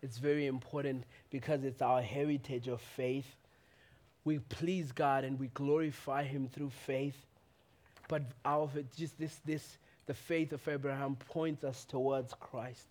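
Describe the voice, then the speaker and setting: A man preaching a sermon in a church, swinging from impassioned outcries to quiet, reflective teaching. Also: mid-range voice, little pitch movement, a little slow. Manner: impassioned preaching, rising to shouts then quieting. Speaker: pastor.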